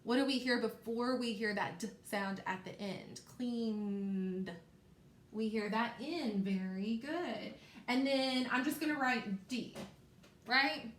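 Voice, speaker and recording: A woman teacher giving a phonics lesson to young children, stretching out words slowly and encouraging them. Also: fairly high pitch, a bit bright. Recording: echoey room, faint background noise.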